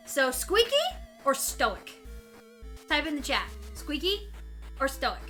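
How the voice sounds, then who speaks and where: High, animated woman co-hosting a stream. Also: unhurried, soft background music. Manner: bubbly, animated, laughs often and talks to chat. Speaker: streamer and co-host. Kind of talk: casual chat on a live game stream.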